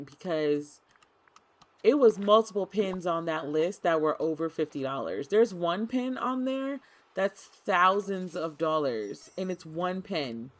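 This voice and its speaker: A woman streamer chatting casually and excitedly to her viewers while she plays a cozy game, often talking to the game itself. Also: on the low side. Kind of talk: casual gaming stream chat.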